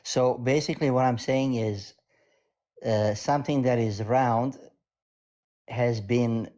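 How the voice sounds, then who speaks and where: A man's voice: fairly low pitch, warm tone. A man calling in to a debate stream, explaining his view in a meandering, hesitant way. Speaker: caller.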